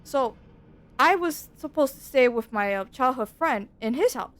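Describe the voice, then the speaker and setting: A woman streaming a game and chatting casually, telling stories in an animated, slangy way from a dark room at home into a desk mic. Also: high-pitched, unhurried, no room sound. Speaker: VTuber streamer.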